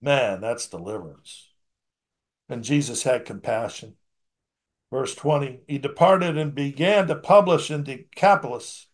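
A man preaching a sermon to his congregation, reading scripture aloud and commenting in a conversational way, moving between emphatic bursts and quiet asides. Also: on the high side.

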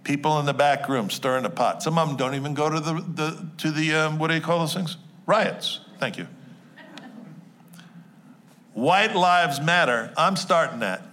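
A man delivers a sermon with a New Jersey accent, joking and chatting with his congregation as he goes. His voice sits a touch high and rings bright. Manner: conversational and jokey, quick asides to the congregation. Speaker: pastor.

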